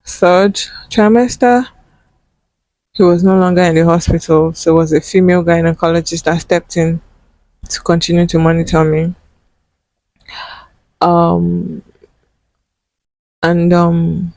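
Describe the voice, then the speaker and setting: Young woman storyteller, earnest and emotional, slow unhurried delivery, dry close sound. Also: lowish voice, a little mellow, no room sound, rough recording. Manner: emotional, earnest, with frequent fillers. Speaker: vlogger. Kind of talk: personal storytelling.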